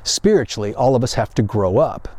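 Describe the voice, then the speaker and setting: A man's voice: medium pitch, expressive, fairly quick, a little mellow, no echo. A man pastor preaching a sermon in a conversational storytelling way, acting out paraphrased quotes.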